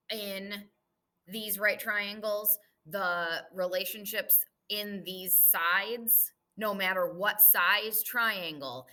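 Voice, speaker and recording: A woman math teacher talks through a recorded review lesson. Her voice sits on the low side yet sounds bright and crisp. She explains patiently, step by step, as she writes things out. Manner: patient, explaining step by step while writing on the board.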